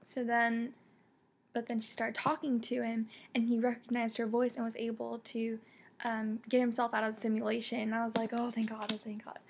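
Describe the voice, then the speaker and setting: A young woman reviewing a book casually, excitable and full of fillers and restarts. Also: a little high, normal speed, vocal fry, a little hiss or hum. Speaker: book vlogger.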